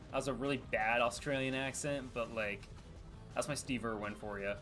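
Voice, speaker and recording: A young man streaming a video game and talking off the cuff, his voice pitched around the middle for a man. He wanders from point to point with lots of "like" and "you know", and he is easily amused and often laughs. The talk is loose and unscripted gameplay commentary. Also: steady tone, normal speed, a bit bright, soft background music. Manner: rambling, heavy on "like" fillers. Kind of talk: casual live gameplay commentary.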